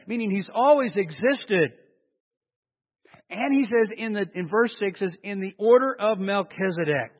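A man's voice: high voice, animated, moderate pace, slightly rough. A man preaching a conversational sermon, asking his congregation questions as he teaches. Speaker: pastor. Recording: dull long-reverb hall sound.

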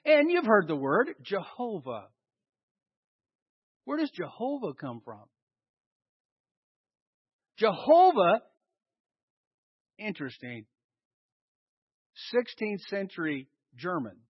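A man's voice: high-pitched, slow, pauses often, husky, dry recording. A man preaching a sermon, quizzing his listeners with questions and answering them himself. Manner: animated, asks the congregation questions and answers them. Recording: dull lo-fi recording.

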